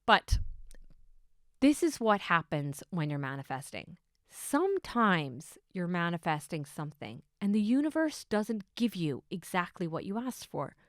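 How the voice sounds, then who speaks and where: A middle-aged woman hosting her own podcast, telling a story in a casual, excitable way that swings between hushed asides and bursts of enthusiasm. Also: fairly low pitch, a little slow, no echo, studio quality. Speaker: podcast host.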